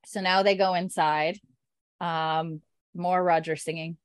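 A woman's voice: lowish voice, steady tone, slow, smooth, dry recording, clean studio sound. A woman casually recapping an episode, rambling and quoting characters in passing, with the odd swear. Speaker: podcast host recapping a TV episode. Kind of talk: casual chat.

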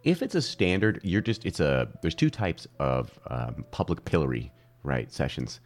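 A low-voiced man talks in a loose, joking way, rambling from point to point. His pitch swings widely and often leaps up for emphasis. It is a casual podcast chat between two hosts. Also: wildly swooping pitch, normal speed. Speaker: podcast co-host.

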